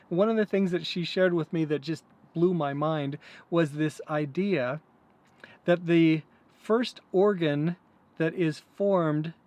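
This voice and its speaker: A man hosting a vlog, earnestly and reflectively telling a personal story with some hesitant fillers. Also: on the high side. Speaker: host.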